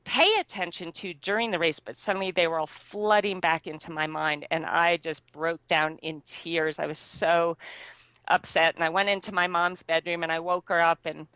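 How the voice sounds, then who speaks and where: A woman recounting a personal story with bright, forward energy. Her voice is crisp and close, with a dry, unreverberant sound. She chats freely, full of fillers and quick laughs. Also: fairly low pitch, fairly even intonation, no echo, poor audio. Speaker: interview guest. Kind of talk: casual storytelling.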